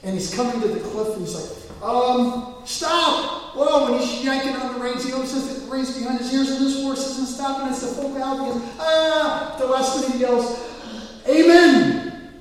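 A male pastor preaching a sermon in a church, storytelling with swings to loud excited peaks. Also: very high voice, quick pace, recorded from a distance. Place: church sanctuary. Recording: echoey hall, mic from afar.

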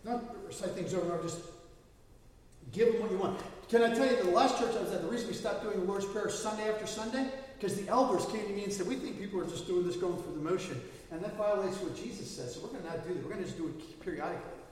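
A man's voice: sits high, fast. A man preaching a sermon in a conversational, storytelling way. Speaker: pastor. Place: church sanctuary. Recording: echoey church hall, mic at a distance.

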